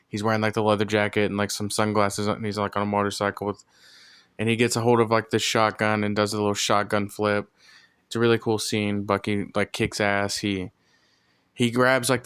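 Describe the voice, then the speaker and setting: A man with a low, fairly monotone voice casually recaps a film's plot, piling on fillers as he goes. His voice is smooth and clear. The sound is dry and close, with little room around it. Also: no room sound. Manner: rambling, filler-heavy retelling. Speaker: movie reviewer.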